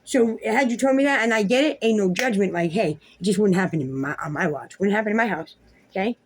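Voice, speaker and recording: A woman's voice: medium pitch, lively intonation, fast, husky. A woman vlogger and mother ranting to the camera at home, heated and profane, confronting someone directly. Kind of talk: ranting video monologue.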